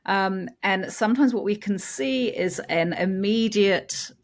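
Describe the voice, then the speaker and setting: A woman who co-hosts a podcast on baby sleep, explaining slowly and hesitantly with many filler sounds. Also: medium pitch. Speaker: infant sleep consultant co-host. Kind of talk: casual podcast chat.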